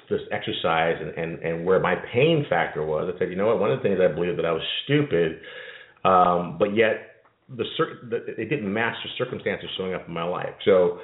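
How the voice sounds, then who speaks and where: A middle-aged man from Jamaica, a diet coach hosting a live call, telling a personal story in an earnest, rambling way with many repeated words. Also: low-pitched. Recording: tinny phone line, echoey.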